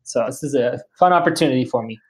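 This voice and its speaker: A man in his thirties, a teacher, talking casually as a podcast guest in a relaxed, friendly way with lots of fillers. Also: medium pitch, fast talker. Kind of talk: casual interview talk.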